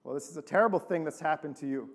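Man, pastor, high-pitched voice, animated sermon storytelling, acts out quoted voices. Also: racing.

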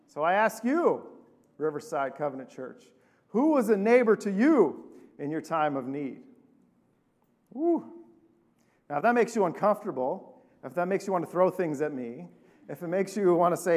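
A man, a pastor, preaching a sermon and telling a story with lively acted-out voices. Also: high-pitched, normal speed. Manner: animated storytelling, acting out quoted voices.

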